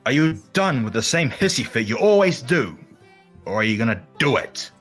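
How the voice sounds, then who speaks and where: A man with a New Zealand accent voicing a calm, stubborn young man in an amateur fan-fiction reading, with a flat, matter-of-fact delivery. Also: lowish voice, moderate pace, soft background music.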